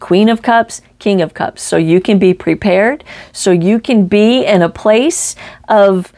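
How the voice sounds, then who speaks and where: A woman reads tarot cards in a spoken monologue. She talks with emphatic, blunt energy and keeps checking in with the listener. She drops the odd casual curse, and her voice sits at a middle pitch for a woman. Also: unhurried, a little mellow. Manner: emphatic, frequent "right?" and "okay?" check-ins. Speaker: psychic tarot reader.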